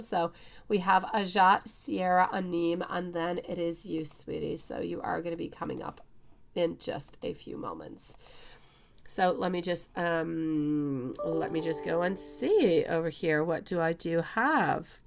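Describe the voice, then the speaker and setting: A woman's voice: lowish voice, vocal fry, fairly bright tone. A woman reading tarot on a live stream, greeting chat viewers by name and calling them sweetie and beautiful. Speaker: tarot reader.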